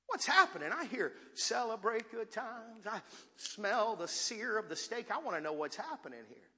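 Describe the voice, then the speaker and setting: Man doing a sulky older brother, indignant, grumbling, lively pitch, long reverb. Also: moderate pace, heavily acted. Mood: suspicious grumbling. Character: resentful dutiful older brother, grown man.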